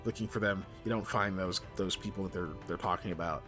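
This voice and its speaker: A man's voice: deep voice, fairly even intonation, fairly quick, over music. A man as game master, narrating a tabletop game in a casual, rambling way full of fillers.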